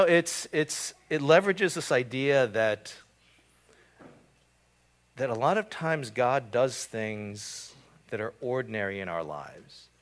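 A man's voice: medium pitch, a bit bright. A man preaching a casual sermon, with frequent fillers and repeated words. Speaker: pastor. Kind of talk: conversational sermon.

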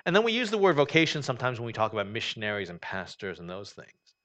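A male pastor giving a conversational sermon, dropping soft and low at times, then lifting to emphatic stress. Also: huge pitch swings, fast talker. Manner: conversational preaching, swings from quiet to emphatic.

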